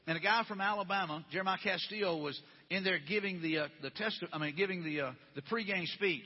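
A man's voice: sits high, breathy edge. A man preaching a conversational sermon, asking his listeners one question after another. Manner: conversational, repetitive rhetorical questions. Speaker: pastor. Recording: dull lo-fi recording with long hall reverb.

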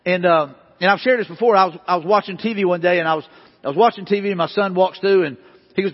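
A man's voice: high voice, fast talker. A man preaching a sermon as pastor, earnest and emphatic, repeating his points. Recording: dull sound with long hall reverb.

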